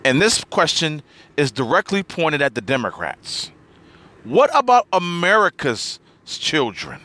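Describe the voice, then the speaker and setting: A man's voice: a little high, very animated, a little slow, sharp tone. A man hosting a political commentary podcast, talking emphatically and stressing the same words again and again. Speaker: podcast host.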